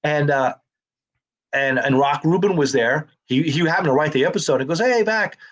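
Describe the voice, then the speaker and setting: A man's voice: on the high side, moderate pace. A middle-aged man, a comedian and actor, telling anecdotes in a casual interview and acting out the voices of others.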